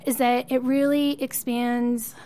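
A woman's voice: sits high, little pitch movement, takes it slowly, dark tone. A woman co-hosting a podcast, chatting enthusiastically as a fan and laughing often. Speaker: podcast co-host. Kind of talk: casual chat.

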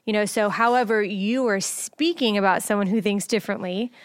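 A woman's voice: medium pitch, a little fast, no echo, studio quality. A woman hosting a casual podcast conversation, talking in an easy, conversational way. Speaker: podcast host.

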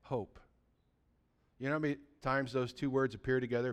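A man preaching a sermon as pastor, swinging between loud, excited bursts and quiet, low asides. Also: moderate pace, clear, resonant tone.

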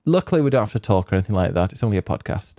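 A man's voice: on the low side, sing-song, very fast, dark tone, no echo, clean studio sound. A man hosting a games podcast, rambling and joking in casual banter. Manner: jokey, rambling, self-mocking. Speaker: podcast host.

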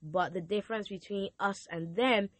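A woman's voice: mid-range voice, moderate pace, no echo. A teenage girl hosting a casual faith podcast, earnest and encouraging, her voice strained and partly lost. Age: teens. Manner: earnest and encouraging, with frequent restarts. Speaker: podcast host.

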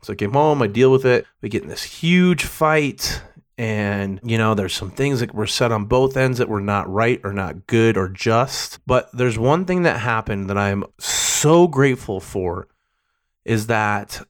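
A man's voice: fairly low pitch, expressive, measured pace. A middle-aged man giving a candid personal monologue, emotional and profane, rambling with restarts.

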